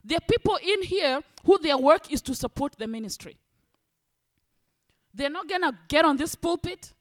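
High-voiced woman preaching. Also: normal speed. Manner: animated, acts out congregants' voices. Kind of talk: sermon.

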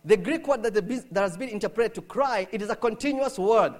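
A man with a high, lively voice delivering a sermon. He swings from quiet, low asides to loud, shouted cries. He acts out the people in his story with shifts in voice. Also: moderate pace. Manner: dramatic, swings from hushed to shouting. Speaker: preacher.

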